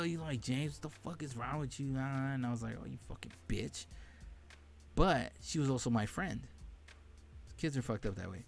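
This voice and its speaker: A man's voice: mid-range voice, a little mellow. A young man hosting a podcast, telling candid, profane stories from his childhood in a casual monologue. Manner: candid and profane, laughing at painful memories. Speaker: podcast host.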